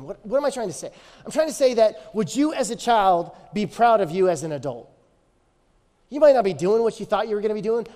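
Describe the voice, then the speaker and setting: A man's voice: sits high, darkish tone, big-room sound. A man in his thirties preaching a sermon as pastor, telling stories with energy and repeating phrases for emphasis.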